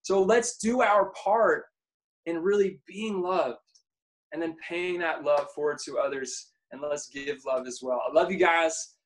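A man's voice: on the high side, a little slow. A man preaching a sermon, earnest and encouraging, often calling his listeners guys.

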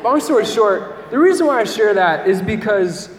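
A young man giving a conversational campus sermon, telling a lively personal story and often asking "right?". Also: high voice, normal speed, roomy sound, in a large hall. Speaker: campus ministry speaker.

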